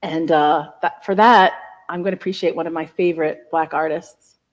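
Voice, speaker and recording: A woman's voice: deep voice, steady tone, normal speed. A woman hosting a live stream between songs, chatting in a rambling, enthusiastic way with lots of asides. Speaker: live stream host and singer.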